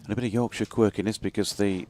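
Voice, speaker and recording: A man with a low voice banters from a cricket commentary box. His humour is dry and wry, and he talks at an unhurried, chatty pace. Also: fairly even intonation, a little mellow.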